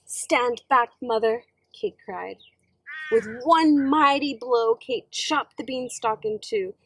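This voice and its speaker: A woman teacher reading a children's story aloud, slow, gentle and expressive. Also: high-pitched, slight background noise, poor audio.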